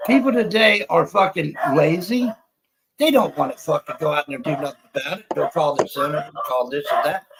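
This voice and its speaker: Over crowd noise and poor audio, a middle-aged livestream host rants bluntly and profanely, restarting often. His voice is a little high, brisk and creaky.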